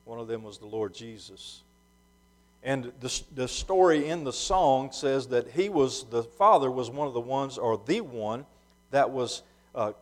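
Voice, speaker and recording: Pastor guy preaching, middle-pitched voice, earnest, stops and restarts a lot, goes quiet then loud. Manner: earnest preaching with frequent restarts and repeated phrases. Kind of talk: sermon.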